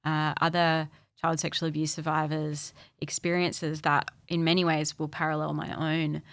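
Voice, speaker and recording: A young Australian woman speaking candidly as a podcast guest, thoughtful and halting, often restarting her sentences. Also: deep voice, little pitch movement, a bit bright, no echo. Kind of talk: candid personal conversation.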